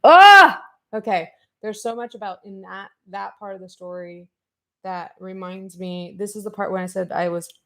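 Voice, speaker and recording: A woman hosting a commentary podcast, retelling an online feud in an animated, fired-up way and acting out the exchanges. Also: lowish voice. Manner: animated, fired-up retelling with quoted back-and-forth. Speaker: podcast host.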